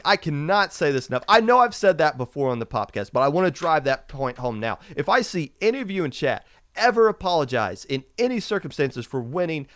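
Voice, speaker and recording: A man hosting a podcast, delivering an emphatic, impassioned rant and repeating his points, his voice going hoarse. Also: a little high, sing-song, moderate pace, no room sound, clean studio sound. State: losing his voice. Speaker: podcast host. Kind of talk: opinionated esports podcast rant.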